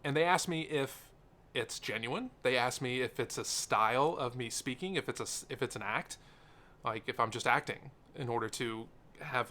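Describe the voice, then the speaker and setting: A young man sits and talks straight to the camera in an unscripted vlog. His voice is bright and forward, and he drifts between sidetracks with plenty of fillers. He speaks earnestly and openly. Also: mid-range voice. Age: young adult. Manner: rambling, sidetracked, many fillers. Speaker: tech YouTuber. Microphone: camera mic, seated talking to camera.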